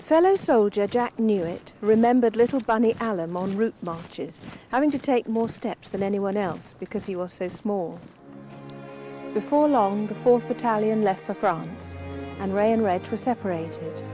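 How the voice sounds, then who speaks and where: A woman reading scripted documentary narration in a measured, even way. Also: mid-range voice, over music.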